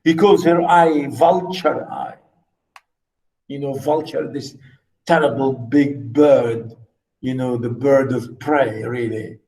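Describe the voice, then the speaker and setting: A man teaching literature, reading a story aloud and explaining it slowly and emphatically, repeating key words. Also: medium pitch, a little mellow, poor audio.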